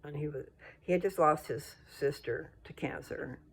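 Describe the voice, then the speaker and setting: Older woman, blunt, scolding, rambling talk, lowish voice that leaps high when riled. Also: normal speed, vocal fry, a little hiss or hum. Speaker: vlogger. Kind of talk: casual rant to camera.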